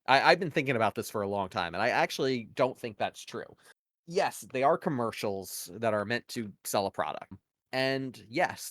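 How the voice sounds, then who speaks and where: A man's voice: medium pitch, a bit bright, no room sound, studio quality. A man co-hosting a podcast, talking casually and at length, arguing his opinions with many "like" and "you know" fillers. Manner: rambling, heavy use of "like" and "you know" fillers; opinionated, argues points at length. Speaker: podcast co-host. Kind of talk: casual conversational analysis.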